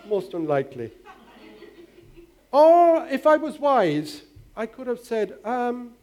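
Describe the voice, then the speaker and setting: High-voiced older male pastor preaching. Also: very animated, slow, pauses often, a little mellow. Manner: earnest, exhorting with rhetorical questions. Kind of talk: sermon.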